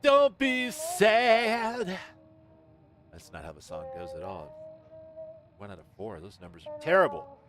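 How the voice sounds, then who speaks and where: A man's voice: deep voice, very animated, fairly quick, fairly bright tone. A man streaming a game, chatting casually and joking as he plays. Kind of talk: casual gameplay commentary. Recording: voice over game music.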